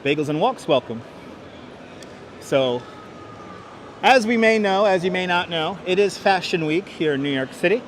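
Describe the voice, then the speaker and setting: An upbeat livestream host walks city streets and a large indoor station hall, calling out viewers' names as he reads the chat. His fairly high voice has lively intonation at a normal pace. The wireless clip-on mic carries a little hiss or hum.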